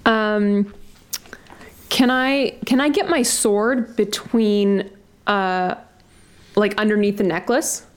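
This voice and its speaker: Slow-talking woman playing a game. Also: medium pitch, fairly even intonation, clear, resonant tone. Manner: chatty, hesitant, laughs often. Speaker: player. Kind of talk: casual tabletop play.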